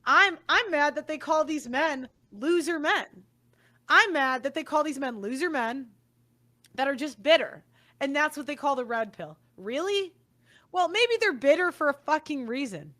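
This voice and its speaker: A woman's voice: high voice, animated, normal speed, sharp tone. A young woman giving an angry, blunt monologue, swearing often as she vents. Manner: blunt, profane and heated. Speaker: commentator.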